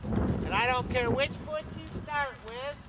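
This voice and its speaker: A man's voice: very high-pitched, unhurried, heavy background noise. A man teaching horse riding while on horseback outdoors, counting strides aloud and checking in with his listeners. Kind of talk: instructional talk while riding.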